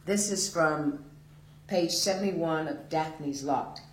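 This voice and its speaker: A man reads from his own book in a deliberate, unhurried way. His voice sits a little high and moves slowly. The recording sounds roomy, with a faint hum underneath. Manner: slow, measured, deliberate delivery. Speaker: author reading his work. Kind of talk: literary reading.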